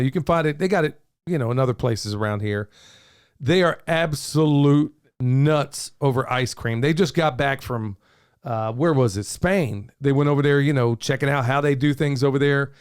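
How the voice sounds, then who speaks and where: A man's voice: mid-range voice, normal speed, smooth. A middle-aged man, hosting a casual podcast in an upbeat, folksy way. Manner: folksy, upbeat, says "y'all" often. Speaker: podcast host.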